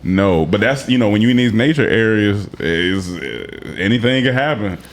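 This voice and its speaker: A young adult man co-hosting a podcast, telling stories excitedly, with frequent laughs and exclamations. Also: lowish voice, normal speed. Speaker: podcast co-host. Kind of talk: casual podcast banter.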